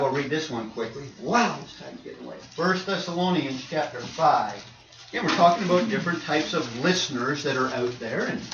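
A middle-aged man preaching a sermon, swinging between quiet asides and loud, emphatic points. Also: a little high. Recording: roomy, distant and dull with faint noise.

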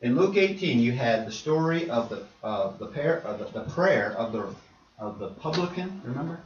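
A man preaching a sermon in a church, shifting between quiet storytelling asides and forceful, emphatic exhortation. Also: mid-range voice, lively intonation, moderate pace, slight background noise. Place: church sanctuary. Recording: echoey church room, distant mic, dull lo-fi.

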